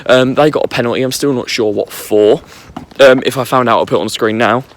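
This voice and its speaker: Young male football vlogger, hoarse, quick and rambling, phone mic on a night street. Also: mid-range voice, a little hiss or hum. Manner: rambling, filler-heavy fan chat. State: losing his voice. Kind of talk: casual match recap. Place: walking on a street at night outdoors.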